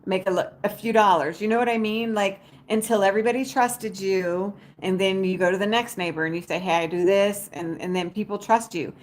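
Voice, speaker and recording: A woman's voice: medium pitch, fairly even intonation, a little fast, hardly any pauses. A woman chatting casually to her viewers as a vlogger, folksy and talkative, calling them y'all. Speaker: vlogger talking to live viewers. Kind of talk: casual livestream chat.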